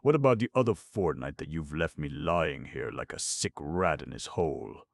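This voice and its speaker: A man's voice: a bass voice, lively intonation, normal speed, gravelly, no room sound, full character voice. A man voicing a surly, bitter male burglar who growls threats and demands. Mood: growling.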